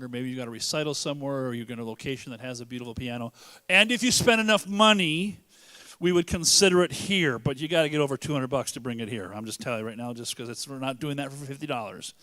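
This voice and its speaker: A man's voice: medium pitch, fairly even intonation, fast, few pauses, a bit bright. Joking rambling male emcee. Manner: joking, rambling, self-interrupting. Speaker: event emcee. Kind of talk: casual emcee banter. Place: church hall fundraiser.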